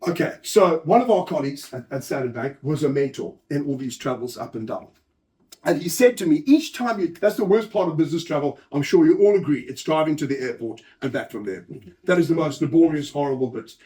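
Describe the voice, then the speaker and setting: A man giving a lively conference talk, telling anecdotes, acting out quoted lines and chatting with the audience. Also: a little high. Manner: animated storyteller, acts out quotes, chats with audience. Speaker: host and speaker.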